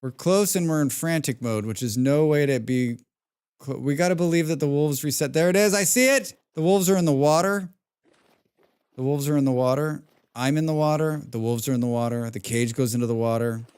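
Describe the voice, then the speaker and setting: A young man commenting live on a survival game, excitable, talking to himself, humming and swearing between moves. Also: a little high, a little fast, smooth. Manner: excitable, talks to himself, hums and mutters while playing; swears often. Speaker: streamer.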